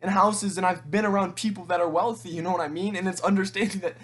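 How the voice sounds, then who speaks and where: A teenage man in an emotional monologue to camera, tearful and halting, rambling with frequent restarts and swearing. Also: high-pitched, fairly even intonation, music in the background. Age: teens. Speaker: vlogger.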